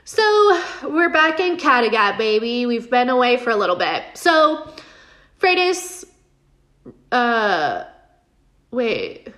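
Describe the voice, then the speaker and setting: Young woman, slightly high voice, snarky casual recap host. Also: sing-song, takes it slowly, long pauses, fairly bright tone. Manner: sarcastic, swears, laughs often, quotes characters in mocking voices. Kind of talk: casual episode recap chat.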